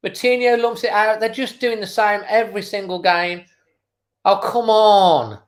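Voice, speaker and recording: A man's voice: sits high, normal speed, a bit bright. A man hosting a live football watchalong, giving frustrated running commentary with exasperated outbursts. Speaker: football fan channel host. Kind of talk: live match watchalong reaction.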